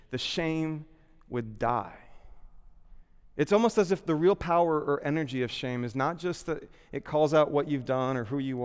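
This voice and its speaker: A man preaching a sermon in an earnest, conversational way, sometimes dropping to a hush for emphasis. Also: fairly high pitch, smooth, big-room sound. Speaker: pastor.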